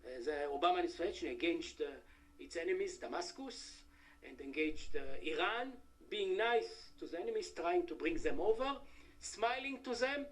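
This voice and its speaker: Halting high-voiced man giving a talk. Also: expressive, fairly bright tone. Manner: halting, many "uh" fillers, wry asides to the audience. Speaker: conference speaker. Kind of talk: academic conference talk. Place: conference hall.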